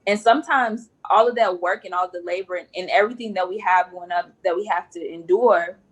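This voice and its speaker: A woman's voice: lowish voice, brisk, breathy edge, poor audio. Earnest woman nurse, repeats for emphasis. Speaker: nurse guest. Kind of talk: podcast interview.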